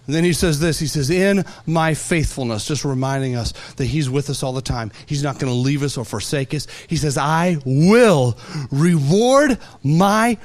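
A man preaching a sermon, animated and playful, telling everyday stories with lively asides. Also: mid-range voice, fairly quick, hardly any pauses. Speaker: pastor.

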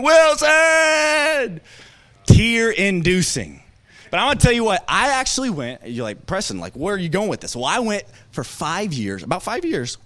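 A young male preacher with a high, bright-pitched voice that swings up and down all the time. He talks to his church like he's telling stories to friends, joking and full of fillers. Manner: animated, joking, storytelling with many fillers. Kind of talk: conversational sermon. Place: church service.

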